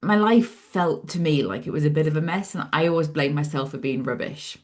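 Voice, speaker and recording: Speaking low and briskly, a woman in her 40s shares her story as an interview guest. She works as a psychologist and author, and she brings her past thoughts to life through animated, lively asides.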